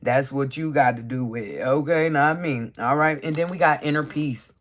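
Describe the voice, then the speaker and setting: A card reader hosting a live stream, chatting casually and encouragingly, reading affirmation cards aloud slowly and tagging nearly every sentence with "okay?". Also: medium pitch. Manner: reads affirmations aloud slowly, then riffs on them.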